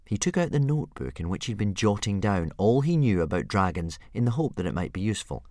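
A man reading a children's storybook aloud in an expressive, playful way. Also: fairly low pitch, quick pace, hardly any pauses, dry recording, studio quality. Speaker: audiobook reader. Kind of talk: storybook narration.

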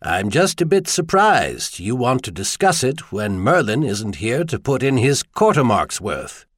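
A man voicing a thoughtful archbishop who speaks in a wry, measured way. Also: mid-range voice, sing-song, a bit bright, slightly rough, no room sound, studio quality, exaggerated voice.

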